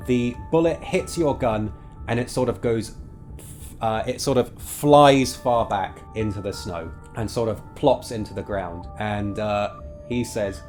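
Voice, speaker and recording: A man narrating as game master of a tabletop game, thoughtful with many fillers. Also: on the low side.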